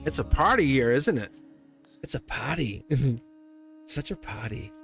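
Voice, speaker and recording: A livestream host reads tarot cards for his viewers, chatty, laughing often, and repeating himself. His mid-range voice swings widely in pitch, unhurried, fairly bright, with vocal fry, over soft background music.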